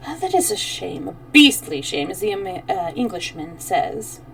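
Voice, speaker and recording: A woman's voice: medium pitch, big pitch swings, normal speed, gravelly, fairly bright tone, far from the mic, slight background noise, poor audio. A woman reading as a breezy young man. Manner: cheerful, chatty. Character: cheerful young American man, breezy and talkative.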